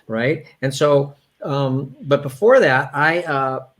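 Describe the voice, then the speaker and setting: Gravelly yoga therapist. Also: male voice, mid-range voice, takes it slowly. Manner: candid, with frequent restarts. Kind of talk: casual conversational interview.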